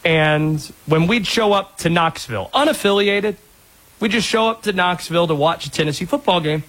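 A man from North Carolina hosting a sports talk radio show, dry and sarcastic, telling lively stories. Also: high-pitched, moderate pace. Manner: sarcastic, animated storyteller.

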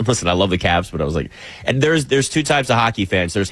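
A man, delivering an animated, sarcastic sports opinion monologue as a commentator. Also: lowish voice, fairly quick, no echo.

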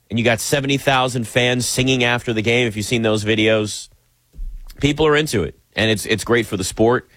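A man's voice: mid-range voice, fairly bright tone, no echo. Sarcastic American man ranting, dry sound. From United States. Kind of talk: opinionated sports commentary monologue.

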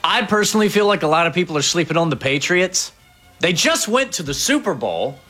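A male sports talk host with a bright, fairly high voice that swings widely in pitch. He chats casually and puts questions to his co-host. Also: very animated, fairly quick, soft background music. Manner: conversational, posing questions. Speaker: show host.

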